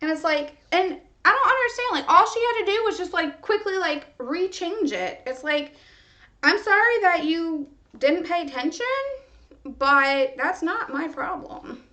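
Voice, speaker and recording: A young woman hosts a podcast and rants in a casual, venting monologue, frustrated, swearing freely and saying "like" a lot. Her voice is extremely high-pitched and sharp, with lively intonation and a measured pace.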